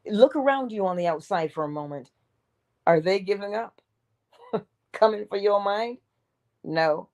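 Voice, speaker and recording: A woman's voice: mid-range voice, animated, measured pace, long pauses, a little mellow. A woman giving an inspirational morning talk in an emphatic, preacher-like way, sometimes dropping to a whisper. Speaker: motivational speaker.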